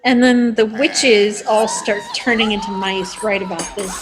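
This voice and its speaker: Slow-talking woman podcast host. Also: medium pitch, low-quality recording. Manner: animated storytelling with voiced quotes. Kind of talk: casual chat.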